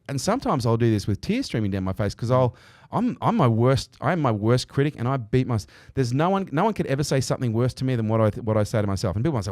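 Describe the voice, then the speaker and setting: A man's voice: medium pitch, animated, quick pace, hardly any pauses, a little mellow, dry recording, studio quality. A man speaking as a podcast guest in a candid interview, earnest and emphatic, with casual swearing. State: he is a parent.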